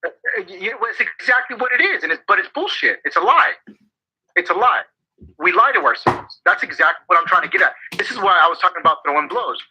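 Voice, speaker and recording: A male podcast co-host talks in a high-pitched, husky, pushed and bright voice with vocal fry, very animated and fast. In this casual motivational chat he's profane and emphatic, often repeating himself to drive points home, and the recording is rough.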